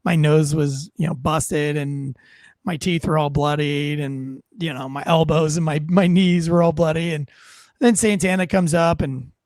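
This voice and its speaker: A man's voice: a little high, fairly even intonation, a little slow, a little mellow, dry recording. An American man, a former police officer turned comedian, telling stories bluntly and with self-mocking profanity in a casual interview. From United States.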